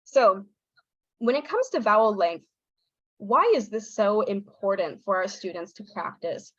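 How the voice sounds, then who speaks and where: A woman presenting a pronunciation lesson online, explaining sounds clearly and acting out her students' replies. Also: medium pitch, lively intonation, unhurried, no room sound, lo-fi sound. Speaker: teacher trainer. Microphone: video call.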